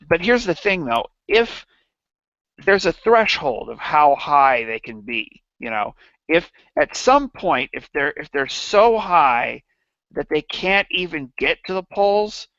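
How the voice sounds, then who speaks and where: A man hosting a livestream in casual satirical chat, halting and rambling with many restarts. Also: a little high, a bit bright, no room sound, highs cut off. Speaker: livestream host.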